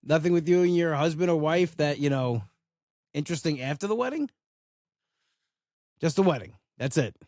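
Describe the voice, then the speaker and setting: A man's voice: on the high side, animated, moderate pace, long pauses, a little mellow, dry recording, studio quality. Blunt, swearing man ranting solo. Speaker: podcast host. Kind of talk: casual solo rant.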